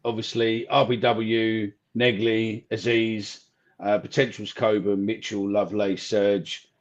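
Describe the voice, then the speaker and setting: A man's voice: fairly low pitch, little pitch movement, slow, lo-fi sound. A man co-hosting a casual fan podcast, reading out notes, joking and swearing as he muddles up names.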